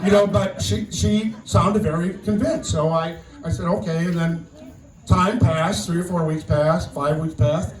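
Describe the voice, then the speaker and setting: An older man giving a memorial speech as guest speaker, telling a personal story in a halting way, often repeating words. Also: sits high, steady tone, soft background music. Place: outdoor memorial gathering. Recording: distant echoey sound with faint noise.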